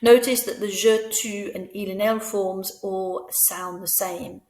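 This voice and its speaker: A woman teaching French to fellow teachers, patiently explaining and slowly modelling each word. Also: medium pitch, steady tone, a little mellow, echoey room. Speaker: teacher trainer. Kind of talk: instructional voice-over lesson.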